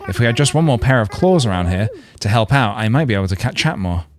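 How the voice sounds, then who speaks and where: A man voicing a shy, hardworking female hedgehog seamstress in a video game, speaking softly and apologetically. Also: on the low side, lively intonation, quick pace, crowd noise, close to an everyday voice. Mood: apologetic.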